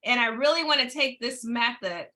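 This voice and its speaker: A woman co-hosting a podcast, leading the conversation with lively questions. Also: a little high, moderate pace. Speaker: podcast co-host.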